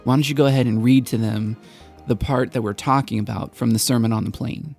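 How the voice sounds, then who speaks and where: A man's voice: mid-range voice, fairly even intonation, brisk, creaky, a little mellow, faint music behind. A man co-hosting a church podcast, chatting casually and teasing his co-host with jokes. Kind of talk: casual chat.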